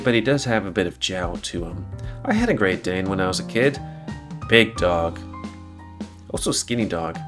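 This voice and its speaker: A man casually commenting on a visual novel he plays and reads aloud. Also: on the low side. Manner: relaxed, chatty asides. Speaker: game streamer.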